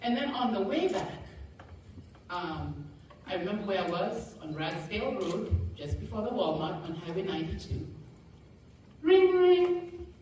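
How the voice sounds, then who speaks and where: A woman's voice: fairly low pitch, normal speed. A woman giving a motivational talk to a live audience, telling a personal story with laughter and acted-out quotes. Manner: animated, laughing, acts out quoted voices. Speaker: motivational speaker. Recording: echoey room, mic far off, faint noise.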